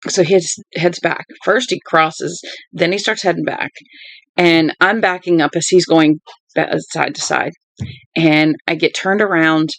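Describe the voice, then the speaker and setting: Tired, gravelly woman chatting at home. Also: sits low, no room sound, rough recording. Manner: chatty storyteller who drifts off topic. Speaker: book-reading livestream host. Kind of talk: rambling casual chat. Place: at home with dogs.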